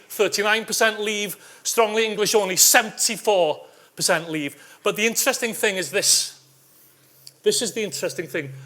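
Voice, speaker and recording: A man with a high, bright voice gives an academic conference talk, walking listeners through survey figures. He keeps checking in with a quick "okay?" and drops dry, wry asides along the way.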